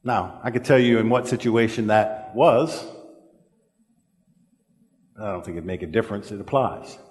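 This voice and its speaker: A man preaching a sermon in a church. He talks earnestly and haltingly, with frequent fillers, and slows down to stress key words. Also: on the low side, a little mellow. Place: church sanctuary. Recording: echoey church hall.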